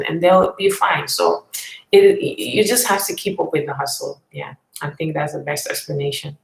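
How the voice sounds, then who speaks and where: Woman vlog host on a live stream; low, creaky voice in a roomy space, chatty and unhurried. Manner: thoughtful, hesitant, many fillers. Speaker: vlog host answering live chat questions. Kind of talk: casual live-stream chat.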